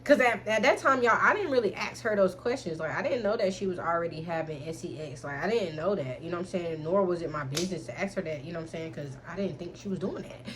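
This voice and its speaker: A woman's voice: lowish voice, fast, hardly any pauses, a bit bright. A young adult woman vlogger telling a candid storytime in frank slang, keeps addressing listeners as y'all.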